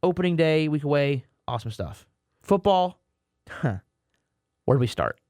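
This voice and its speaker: A man's voice: a little high, sing-song, brisk, a little mellow, no room sound. Rambling male sports podcaster, dry sound. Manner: rambling, repeats words, self-mocking asides. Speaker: podcast co-host. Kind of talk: casual sports chat.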